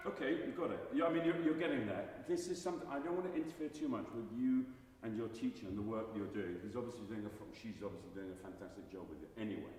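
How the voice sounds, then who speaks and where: A man coaching a singer in a masterclass, animated and jokey, often restarting his sentences and singing short examples. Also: lowish voice, fast talker, soft background music. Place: large recital hall. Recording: echoey hall from far off.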